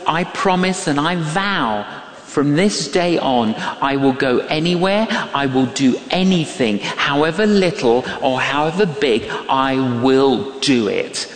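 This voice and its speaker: A man preaching a sermon, telling personal stories and acting out the voices of the people in them. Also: takes it slowly. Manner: animated storytelling, acts out voices, big pitch swings. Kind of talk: sermon with anecdotes. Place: church or large hall. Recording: echoey hall, a little distant.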